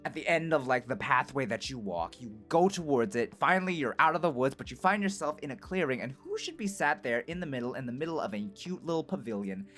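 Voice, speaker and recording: An animated male streamer spins an improvised story to his chat, his pitch bouncing widely. He rambles along and checks in constantly with asides. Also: fairly quick, few pauses, soft background music. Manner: animated, rambling, full of "right?" and "like".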